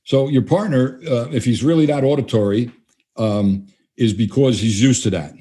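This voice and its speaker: Mellow, husky older man telling stories. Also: medium pitch, moderate pace. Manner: conversational, acts out quoted dialogue. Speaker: guest trainer. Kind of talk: casual storytelling interview.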